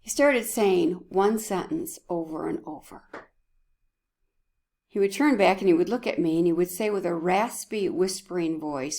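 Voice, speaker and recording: Woman church speaker, heartfelt devotional, slow delivery, slips into whispers. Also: fairly low pitch, darkish tone. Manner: emotional, often dropping to a whisper.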